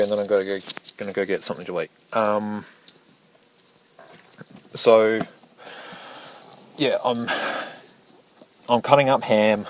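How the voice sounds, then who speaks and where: A man telling a personal story while driving, in a rambling, halting way full of restarts. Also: fairly low pitch, low-quality recording. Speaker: vlogger. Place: inside a moving car. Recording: car noise in background. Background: vehicle noise.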